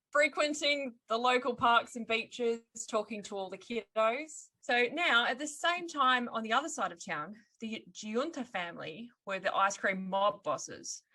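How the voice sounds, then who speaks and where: A woman's voice: fairly high pitch, bright, forceful tone. A woman hosting a podcast, telling a story in casual chat with sardonic asides and frequent laughs.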